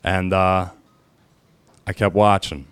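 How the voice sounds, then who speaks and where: A man telling his own story as a firefighter, halting and emotional, pausing often with fillers. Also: deep voice, flat delivery, smooth, no room sound. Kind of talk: personal storytelling.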